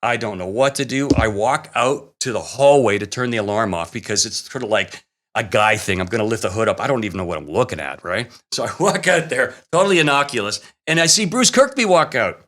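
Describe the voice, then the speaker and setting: A man, a guest, telling a story in a casual, animated way, often laughing and acting out what people said. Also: fairly low pitch, a little fast. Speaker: guest cameraman telling stories.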